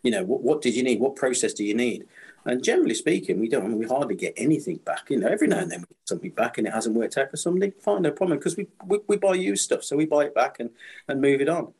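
Fast-talking husky British man in his fifties. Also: mid-range voice. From Britain. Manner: rambling, repeats and restarts, animated storytelling. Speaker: supplier to the screen printing trade. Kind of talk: casual podcast chat.

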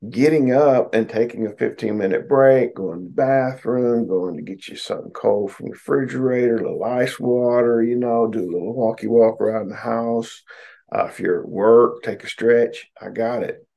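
A man's voice: medium pitch, normal speed, creaky, dark tone. A middle-aged American man, a psychotherapist host, giving casual advice to his listeners in a folksy, joking way.

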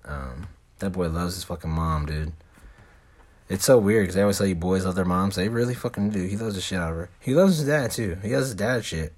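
Young male host, low husky voice, loose slangy storyteller who swears constantly. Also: a little fast, darkish tone. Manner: heavy swearing, laid-back slangy rambling. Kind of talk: casual storytelling.

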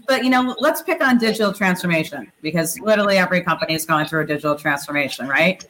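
A woman's voice: lowish voice, fast, fairly bright tone, slight background noise, poor audio. A woman speaking as an interview guest, talking animatedly and filling her sentences with "you know" and "like". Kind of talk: conversational interview.

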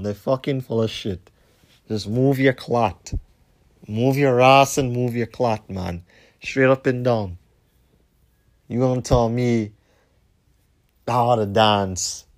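A man's voice: slow, long pauses, darkish tone. New guy ranting on his podcast, swearing a lot, repeats himself, voice sinks at the end of lines. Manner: profane, repetitive, heated, trails off low at line ends. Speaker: podcast host. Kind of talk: rambling storytelling rant.

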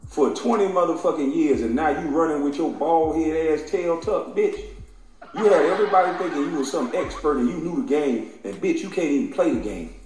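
A man with a slightly high voice and a darkish tone delivers a heated, profane rant as a commentator. Mocking and taunting his targets, he laughs between the insults, and the audio has heavy echo and faint music.

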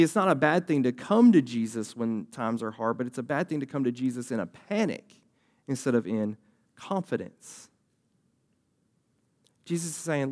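A man's voice: medium pitch, a little mellow. A young man preaching a sermon as a youth pastor, talking conversationally and acting out voices from the story.

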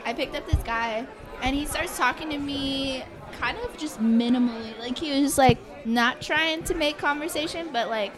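A woman's voice: sits high, normal speed, music in the background, crowd noise. A young woman in her twenties, co-hosting a casual chat, telling a long rambling story with frequent giggles. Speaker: podcast co-host.

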